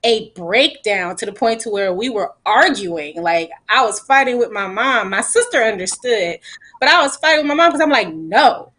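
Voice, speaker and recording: A woman on a faith panel sharing a personal story of grief, emotional and animated, laughing at times. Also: fairly high pitch, moderate pace.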